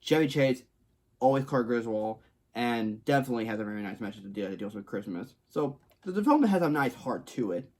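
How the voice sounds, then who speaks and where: A man's voice: mid-range voice, expressive, a little fast, a little mellow. A man from Texas giving a casual movie review to camera, rambling and repeating himself, with frequent restarts. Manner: rambling, repetitive, frequent restarts and stock phrases. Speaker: film reviewer. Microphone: talking to camera.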